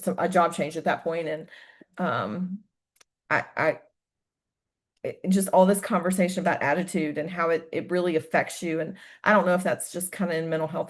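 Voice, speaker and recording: A woman's voice: lowish voice, darkish tone. A woman guesting on a casual podcast, talking candidly and animatedly, telling personal stories and swearing casually. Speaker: podcast guest, host's wife.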